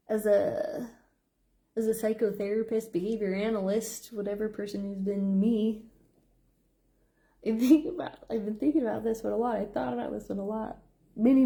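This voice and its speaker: A woman's voice: vocal fry, mellow. A middle-aged woman, a psychotherapist, talking in a rambling stream-of-consciousness monologue full of fillers. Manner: rambling, filler-heavy, with playful squeak sound effects. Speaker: psychotherapist and behavior analyst.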